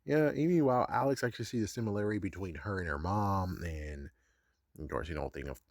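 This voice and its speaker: A man's voice: deep voice, a little fast, no room sound, clean studio sound. A man giving a casual episode recap, chuckling often and swearing in a sarcastic, offhand way. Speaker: show recap vlogger.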